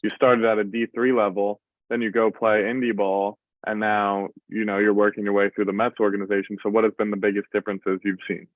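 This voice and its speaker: A man hosting a podcast, his voice somewhat low and heard through a thin, phone-like line with no room sound. He asks straightforward questions and keeps his replies short and encouraging. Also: flat delivery, a little fast, few pauses, dry recording. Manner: brief encouraging backchannels, plain questions. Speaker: podcast host. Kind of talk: casual interview questions. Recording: dry tinny phone-like line.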